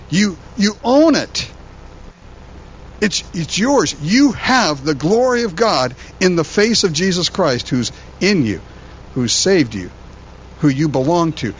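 A man who is a pastor, preaching a sermon in an animated, conversational way, often repeating words as he goes. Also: a little high, highs cut off, a little hiss or hum.

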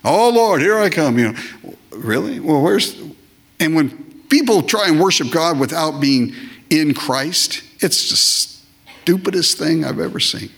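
Man, pastor, sermon, lively swinging pitch, emphatic repeats, puts on brief comic voices. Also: measured pace, vocal fry, husky. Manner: acts out short comic voices of worshippers and God; emphatic, repeats phrases for effect.

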